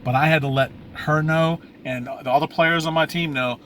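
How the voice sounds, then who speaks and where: A man's voice: on the high side, steady tone, normal speed, hardly any pauses, fairly bright tone, slight background noise. A man talking candidly in a casual video diary, rambling with many fillers and restarts, recorded outdoors on a camera or phone mic. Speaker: vlogger. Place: outdoors in bright sun, maybe by a vehicle.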